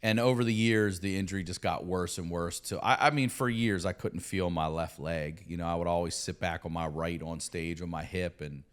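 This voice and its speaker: A middle-aged man telling a story casually in a studio, animated and profane. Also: low-pitched, normal speed, few pauses, clean tone. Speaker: comedian and podcast guest.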